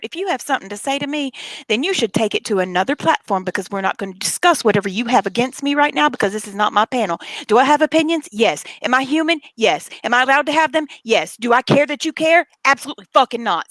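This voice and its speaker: Outspoken woman on a stream panel, bright sharp voice, dry close sound, kinda high. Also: lively intonation, fast, dry recording, poor audio. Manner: outspoken and defiant, with swearing. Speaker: panel guest. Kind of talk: casual live stream chat.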